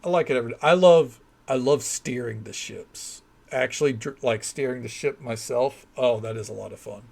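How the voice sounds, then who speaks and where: A man's voice: medium pitch, moderate pace, gravelly, darkish tone. A man streaming a farming game, chatting casually in a laid-back way and swearing now and then. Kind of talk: casual gameplay commentary.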